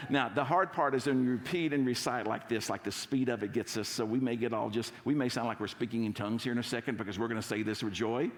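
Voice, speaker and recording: A man's voice: mid-range voice, fast, hardly any pauses. A man preaching a sermon as pastor, playfully coaxing his congregation to recite a verse with him. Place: church sanctuary. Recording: gravelly voice with long church hall reverb.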